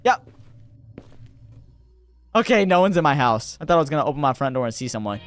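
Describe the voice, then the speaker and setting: A man doing jokey, excitable let's-play commentary as a gaming YouTuber, reacting loudly. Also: medium pitch, fairly quick, soft background music.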